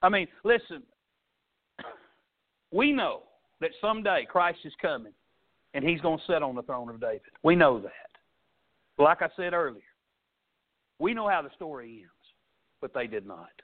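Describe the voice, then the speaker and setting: A man preaching a sermon, telling folksy stories and swinging between loud and soft. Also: a little high, big pitch swings, moderate pace, long pauses. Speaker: pastor. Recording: tinny phone-like sound.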